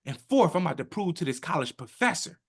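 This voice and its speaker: A man in his thirties tells his own story as a podcast guest. He talks in an emphatic, animated way. He often slips into other people's words as he tells it. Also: a little high, quick pace, breathy edge. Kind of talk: emotional personal storytelling.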